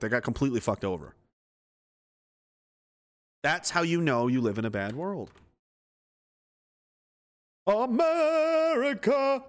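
A man's voice: medium pitch, fairly bright tone, clear, resonant tone. A man giving angry, profane, sarcastic political commentary.

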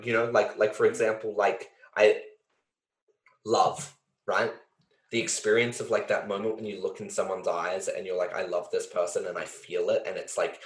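A man hosting a podcast who talks earnestly and with feeling, thinking aloud with many fillers and the odd swear. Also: fairly low pitch. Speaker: podcast host. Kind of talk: reflective conversation. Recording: roomy echo.

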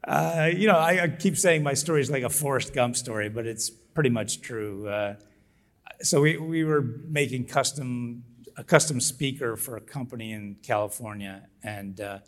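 A middle-aged man who founded a business tells his story as an interview guest, full of lively energy. His voice sits at a medium pitch and moves at a normal speed. He laughs often and acts out what people said to him.

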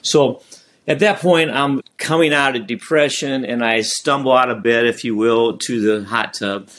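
A middle-aged man sharing a personal story as a podcast guest, speaking earnestly with pauses and restarts. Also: medium pitch, a bit bright. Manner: earnest, halting, recounts prayers aloud. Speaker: guest, ministry founder. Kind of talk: reflective storytelling in an interview.

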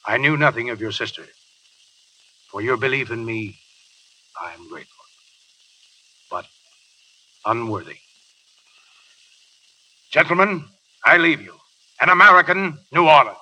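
An actor playing a proud, resolute pirate captain in a 1930s radio drama, speaking in solemn, measured declarations. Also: male voice, medium pitch, lively intonation, sharp tone, distant mic, a little hiss or hum, rough recording.

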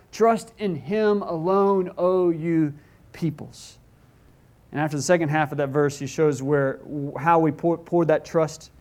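A man's voice: fairly high pitch, a little mellow. A middle-aged man preaching a sermon as pastor, earnest and pleading, asking rhetorical questions and often restarting his words.

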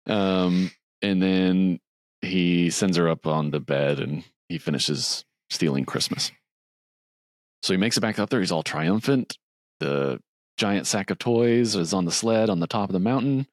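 Deep-voiced man casually retelling a film. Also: a little slow, dry recording, clean studio sound. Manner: rambling, animated, quoting lines. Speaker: podcast co-host.

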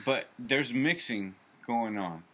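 A man's voice: mid-range voice, animated, slow, pushed and bright. A man chiming into a casual chat with short, laid-back remarks.

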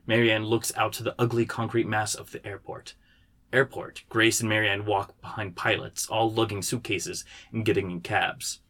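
A man, the writer, reading the stage directions of his screenplay aloud in a steady way. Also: lowish voice, normal speed.

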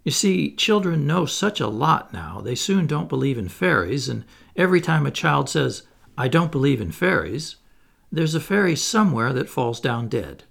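A man voicing a boastful, cheerful boy who never grows up, in a lively storybook reading. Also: fairly high pitch, normal speed, vocal fry, exaggerated voice.

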